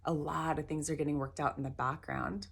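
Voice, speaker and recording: A middle-aged woman leading a guided tapping session, gentle and encouraging, repeating phrases slowly. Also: low voice, fairly even intonation, creaky, breathy edge. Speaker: tapping practitioner.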